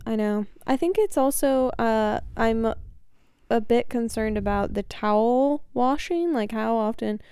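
A woman's voice: on the high side, a little slow, warm tone, smooth, no echo, studio quality. A woman co-hosting a casual podcast from a bedroom. She is chatty, laughs a lot and likes to tease. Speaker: podcast co-host. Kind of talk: casual chat. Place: bedroom, close to the mic.

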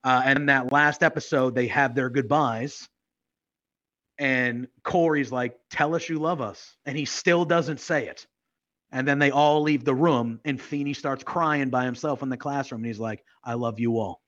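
A man's voice: medium pitch, fairly even intonation, moderate pace, fairly bright tone. A man co-hosting a casual chat podcast, his voice sitting in a middle register. He talks in a rambling, heartfelt way, full of fillers, and the recording sounds a bit dull and lo-fi. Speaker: podcast co-host.

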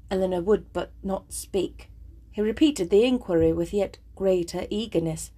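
Husky woman reader, chatty and eager between chapters, steady narration of a classic novel. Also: medium pitch, normal speed. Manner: chatty, self-deprecating, eager. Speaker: audiobook reader. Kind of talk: casual intro then novel narration.

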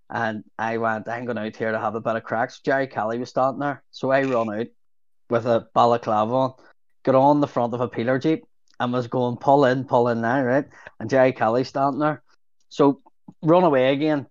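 A man's voice: medium pitch, dry recording. A man with a Belfast accent, a guest on a casual podcast, telling stories full of swearing and laughter. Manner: sweary storyteller, laughs often. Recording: dull lo-fi audio.

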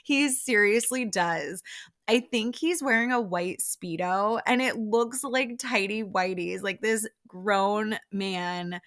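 A woman's voice: medium pitch, slow pace, fairly bright tone. A young woman hosting a podcast, recapping reality TV in a chatty, casual way and leaning on "like" often. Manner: chatty, lots of "like", laughs often. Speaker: podcast host.

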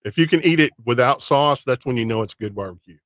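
A man's voice: mid-range voice, expressive, quick pace, fairly bright tone, no echo, studio quality. A man from Texas hosting a casual interview, friendly and restarting his words as he talks. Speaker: podcast host.

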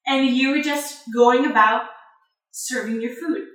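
A woman's voice: high voice, steady tone, measured pace, fairly bright tone. A woman narrating as game master of a tabletop game, rambling with many fillers. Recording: echoey room, far from mic.

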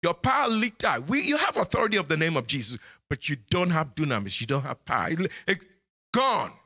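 A man preaching a sermon in church as the pastor, scolding his congregation and swinging from low asides to high exclamations. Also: very animated, brisk, pushed and bright.

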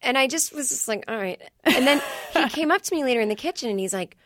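Woman comedy writer, podcast guest. Rapid, rambling storyteller who acts out quotes. Dry booth sound. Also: high-pitched, lively intonation, fairly bright tone, no room sound. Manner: chatty, fast storytelling with many "like"s and acted-out quotes. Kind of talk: casual podcast interview.

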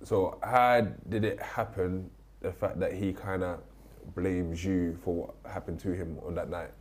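Man, interviewer, low voice, calm, probing questions. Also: a little slow. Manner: calm, probing questions, lots of short backchannel. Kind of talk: casual interview.

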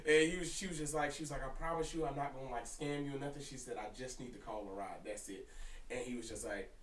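A young man co-hosting a podcast, telling a story in casual, profane chat with an animated delivery. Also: mid-range voice, quick pace, recorded from a distance. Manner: animated, profane, breaks into laughter. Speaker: podcast co-host. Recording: roomy echo, somewhat off-mic.

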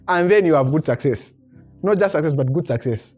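Guy preaching at church, pitch swinging all over, keeps chuckling and repeating himself. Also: normal speed, husky, soft background music. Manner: animated preaching with frequent chuckles and repeated words. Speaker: pastor. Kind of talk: sermon. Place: church service before a congregation.

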